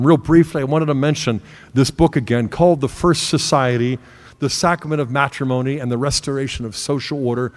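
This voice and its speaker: A man's voice: medium pitch, steady tone, a little fast. A middle-aged man giving a sermon-style talk, telling a family story in an earnest way and acting out the dialogue. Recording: long hall reverb.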